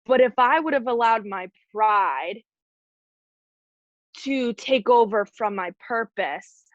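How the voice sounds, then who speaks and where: A woman's voice: fairly high pitch, animated, slow, no echo, muffled recording. A woman leading her team, giving a candid, emotional motivational talk on a video call, casual with lots of "like". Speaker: team leader speaking to her team.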